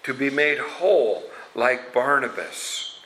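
A man's voice: medium pitch, animated, sharp tone, a little hiss or hum, poor audio. A man preaching a sermon, retelling scripture stories in an earnest way with casual asides. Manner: slow, earnest storytelling with asides.

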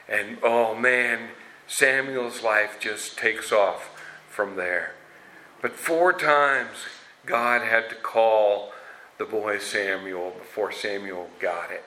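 A man's voice: fairly low pitch, pushed and bright, rough recording. A man preaching a sermon, retelling scripture stories in an earnest way with casual asides. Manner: slow, earnest storytelling with asides.

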